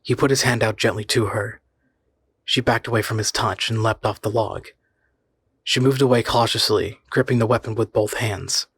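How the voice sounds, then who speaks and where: A man reading a horror story aloud in a measured, suspenseful way. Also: on the low side, fairly even intonation, fairly bright tone, breathy edge, no room sound. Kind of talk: scripted horror story narration.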